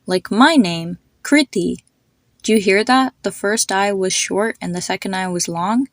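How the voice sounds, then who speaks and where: A woman's voice: mid-range voice, dry recording. Woman patiently explaining pronunciation on a podcast. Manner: patient, spells out names and slows down to demonstrate sounds. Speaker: podcast host.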